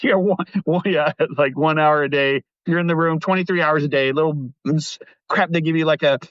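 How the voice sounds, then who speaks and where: A middle-aged man casually telling stories in a lively way, swearing and laughing often. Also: fairly high pitch, moderate pace, no echo, muffled recording. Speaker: guest. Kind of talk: casual storytelling.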